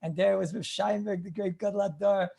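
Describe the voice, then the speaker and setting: A man, a rabbi, giving an informal lecture on Jewish law, telling anecdotes in an animated way, often repeating his phrases and clearing his throat. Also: high-pitched, brisk.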